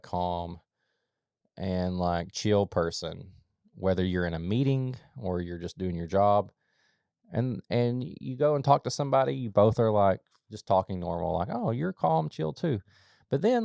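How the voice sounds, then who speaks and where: A man co-hosting a podcast in casual chat, rambling with lots of fillers and sudden animated bursts. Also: on the low side, gravelly, dry recording, clean studio sound. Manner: rambling, filler-heavy, jumps to animated outbursts. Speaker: podcast co-host.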